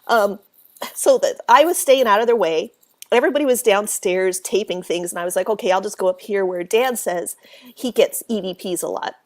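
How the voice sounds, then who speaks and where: A woman guest telling a spooky story in a casual interview, animated, acting out quoted voices and laughing often. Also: mid-range voice, moderate pace. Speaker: author and paranormal researcher, guest.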